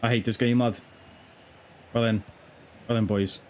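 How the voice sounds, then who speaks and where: Excitable gamer lad. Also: male voice, mid-range voice, a little slow, slight background noise. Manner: excitable, swears freely, shouts at the game. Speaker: gaming YouTuber. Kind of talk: excited live gameplay commentary.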